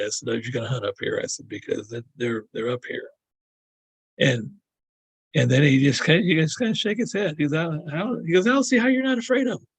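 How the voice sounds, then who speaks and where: Creaky and breathy at medium pitch, this older man's voice carries a rambling, casual story of encounters he tells as a podcast guest. He repeats words and acts out the people he quotes, with no room sound in the recording.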